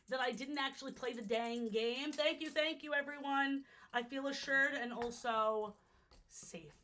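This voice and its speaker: A woman's voice: a little high, fairly bright tone. A young woman from New York chatting casually on a livestream, jokey and easily sidetracked, her voice a little worn out. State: slightly worn-out voice. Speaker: streamer ranking water parks.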